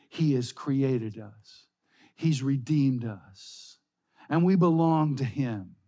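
A man preaching a sermon, slow and emphatic, reading scripture aloud. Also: fairly high pitch. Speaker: pastor.

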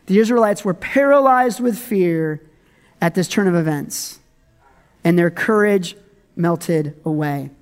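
A pastor preaching a conversational sermon, reading scripture and commenting with humor and frequent laughs. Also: measured pace. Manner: conversational and humorous, laughs often, dramatic swings in pitch.

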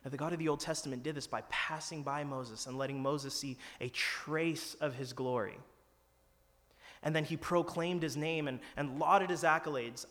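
A man's voice: fairly high pitch, steady tone, moderate pace, fairly bright tone. A man preaching a sermon in an earnest, conversational way, acting out quoted lines with some drama. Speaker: pastor. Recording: long hall reverb.

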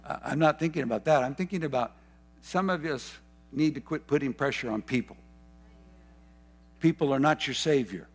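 A man delivering a fervent sermon in a somewhat high voice. He repeats key phrases for emphasis and wanders into asides, correcting himself as he goes. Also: a bit bright. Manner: rambling asides and self-corrections. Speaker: pastor.

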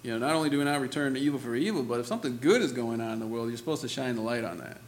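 A man's voice: medium pitch, very fast, a little hiss or hum. A man preaching a sermon in a church, talking conversationally and laughing often, with lots of "you know" and "right?". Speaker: pastor.

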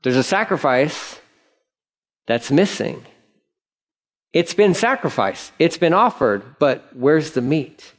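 A man's voice: on the high side, animated, slow pace, long pauses. A man doing an exasperated Moses. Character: Moses, an exasperated older male prophet.

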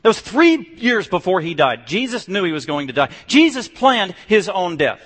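Male pastor, higher-pitched, emphatic sermon delivery with hushed drops; long hall echo. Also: big pitch swings, normal speed, husky. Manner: emphatic, swings between loud declarations and low hushed stretches.

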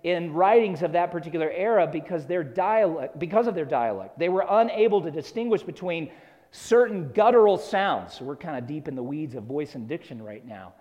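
A man's voice: a little high, animated, a little fast, darkish tone, muffled recording. A man from the American South preaching an expository sermon, earnest and explanatory, rising to emphatic peaks. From Southern United States. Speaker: pastor. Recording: long hall reverb.

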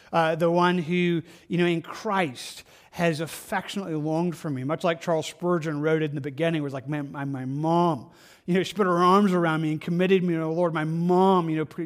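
A man preaching a sermon in an earnest, halting way, often repeating words and restarting, moving between soft and stronger delivery. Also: fairly high pitch. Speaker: pastor.

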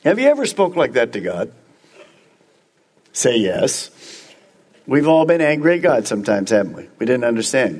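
A man's voice: medium pitch, big pitch swings, moderate pace, pauses often, a little mellow. A man preaching a sermon as pastor, emphatic and speaking straight to the congregation with repeated phrases.

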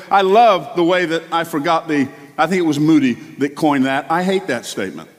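A male pastor preaching a sermon with passion, his delivery swinging between quiet asides and loud climbs. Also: on the high side, brisk, hardly any pauses, big-room sound.

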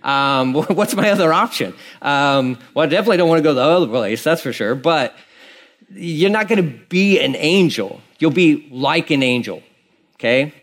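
Conversational preaching pastor, loose and rambling. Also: male voice, fairly high pitch, lively intonation, moderate pace, fairly bright tone. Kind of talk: sermon.

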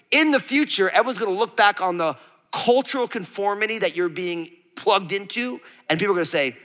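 A man's voice: high-pitched, pushed and bright. A man in his thirties preaching a sermon, playful and conversational, asking his congregation questions and acting out quotes. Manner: playful, acts out quotes, asks the crowd. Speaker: pastor. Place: large church hall. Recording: reverberant church hall.

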